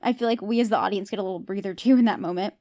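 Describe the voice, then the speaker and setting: A woman's voice: mid-range voice, rapid-fire, mellow. A woman with a voice of ordinary height hosts a podcast and recaps a TV episode scene by scene. She talks in a casual, chatty way and gives her opinion freely. She often turns to her listeners with questions. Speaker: podcast host.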